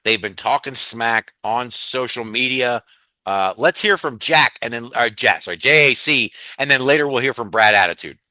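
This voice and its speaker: Bright, upbeat Southern US podcast host. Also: male voice, medium pitch, expressive, moderate pace, dry recording. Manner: upbeat, laughs often, chatty with fillers. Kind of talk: casual wrestling news chat.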